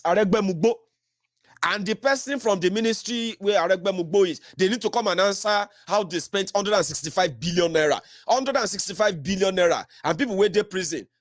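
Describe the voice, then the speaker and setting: A man's voice: high-pitched, a little fast, no room sound, clean studio sound. A man with a Nigerian accent giving heated political commentary, fiery and mocking, slipping into Pidgin.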